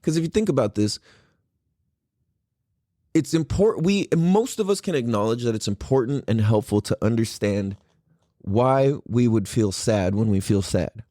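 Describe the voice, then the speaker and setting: Casual rambly podcast dude, swears a lot, voice jumps up and down, super dry mic. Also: male voice, medium pitch, moderate pace, no echo. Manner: excitable, rambling, swears freely. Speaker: podcast host. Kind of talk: casual solo podcast talk.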